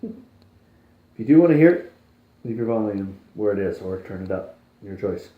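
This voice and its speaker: A man's voice: fairly low pitch, expressive, normal speed, lo-fi sound. A Canadian man co-hosting a podcast, chatting casually and hesitantly. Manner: hesitant, many fillers and restarts. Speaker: podcast co-host. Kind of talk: casual chat. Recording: roomy sound.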